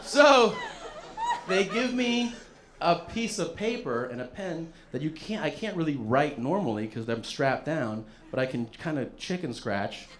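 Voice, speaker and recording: A man's voice: a little high, lively intonation, measured pace, a faint crowd, a little hiss or hum. A man doing stand-up comedy, telling a long story with plenty of swearing and acting out what other people said. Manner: profane, acts out other people's lines.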